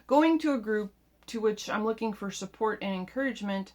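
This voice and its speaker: A woman's voice: medium pitch, measured pace. A woman vlogger talking casually and at length, rambling and frustrated, often stopping to restart her sentences. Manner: rambling, frustrated, self-interrupting. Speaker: keto vlogger. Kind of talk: casual vlog monologue.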